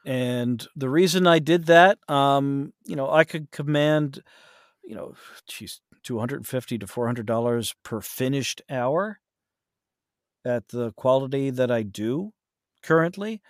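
A man's voice: mid-range voice, measured pace, dry recording, studio quality. A man who narrates audiobooks, chatting casually in an interview, rambling with many fillers and restarts.

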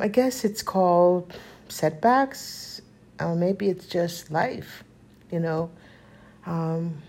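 A woman in her fifties vlogging in a casual, heartfelt way, earnest and spiritual, rambling with frequent pauses and fillers. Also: on the low side, mellow. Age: 50s. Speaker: lifestyle vlogger.

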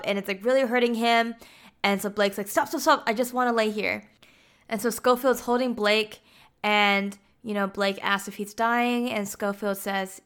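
A woman's voice: medium pitch, pushed and bright, smooth. A woman casually retelling a film's plot, chatty and full of "like" fillers. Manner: chatty, heavy use of "like" fillers. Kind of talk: casual film plot recap.

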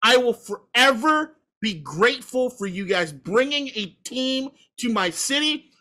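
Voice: medium pitch, expressive, measured pace, pushed and bright. A sports podcast host in casual talk, ranting in a heated, profane way and hammering points home by repeating them. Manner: emphatic repetition.

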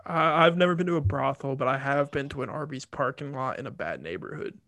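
A man's voice: medium pitch, brisk, a bit bright, dry recording. A man co-hosting a casual podcast, chiming in with wry, joking remarks. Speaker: podcast co-host. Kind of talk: casual chat.

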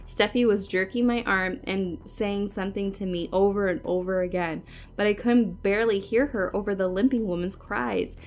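A woman podcast host reading a spooky story aloud in a hushed, suspenseful way. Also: mid-range voice, fairly even intonation, normal speed, soft background music.

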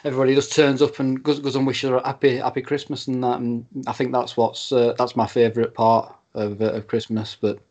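A man's voice: medium pitch, level tone, a little fast, hardly any pauses, darkish tone. A young man chatting casually on a podcast, easygoing and dropping small words as he goes. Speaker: podcast co-host. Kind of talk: casual chat.

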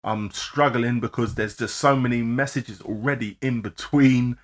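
A man co-hosting a live-streamed podcast, rattling off listener shout-outs and laughing often. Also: mid-range voice, steady tone, moderate pace. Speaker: podcast co-host.

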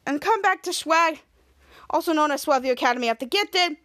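A woman hosting a podcast, narrating a TV episode scene by scene in a rambling, halting way. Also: sits high, animated, fairly bright tone. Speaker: podcast host. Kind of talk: casual episode recap.

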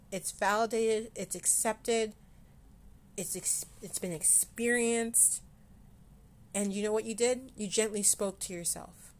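A woman from Canada hosting a casual solo podcast, talking candidly with frequent restarts and casual swearing. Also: fairly high pitch. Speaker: podcast host.

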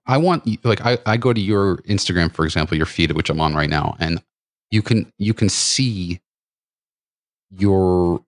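A man's voice: deep voice, moderate pace, no room sound. A man hosting a podcast, chatting casually with a guest in a rambling way full of restarts and fillers. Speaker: podcast host. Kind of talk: casual interview chat.

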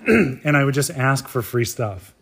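A man co-hosting a laid-back podcast, with a middle-pitched voice. His delivery is dry and deadpan, and the sarcastic remarks land flatly amid the chatter. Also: takes it slowly, husky. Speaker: podcast co-host. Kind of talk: casual chat about a reality show.

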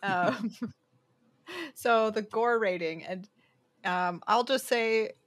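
A woman's voice: a little high, slow. A woman co-hosting a podcast in casual chat, giggling often and trailing off with fillers. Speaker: podcast co-host.

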